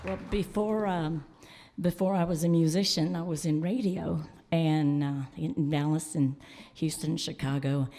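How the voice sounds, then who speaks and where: A woman's voice: deep voice, steady tone, measured pace, dark tone. A woman country singer chatting on stage between songs at a live radio show, telling stories with a laugh. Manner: self-deprecating, laughing storyteller. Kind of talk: stage banter and live singing. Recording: live concert broadcast with band music.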